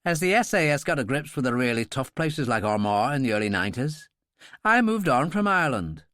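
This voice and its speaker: A man's voice: mid-range voice, sing-song, fairly quick, fairly bright tone, dry recording. A man voicing a seasoned middle-aged pilot who talks with dry, wry humor.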